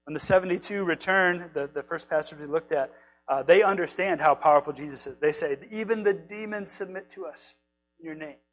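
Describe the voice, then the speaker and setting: A man preaching a casual, animated sermon, retelling scripture stories and acting out the quotes in a conversational way. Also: on the high side, fairly quick, low-quality recording. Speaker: pastor.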